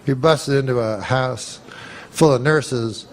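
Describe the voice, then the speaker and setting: A male comedian telling a rambling, profane story in a deadpan way, with many fillers. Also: mid-range voice, takes it slowly. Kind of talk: stand-up style storytelling.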